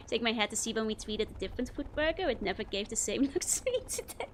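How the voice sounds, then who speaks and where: A woman's voice: a little high, big pitch swings, brisk, slight background noise. A young woman with a Dutch accent chatting casually while playing a game, laughing often as she answers her chat. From Netherlands. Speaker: streamer.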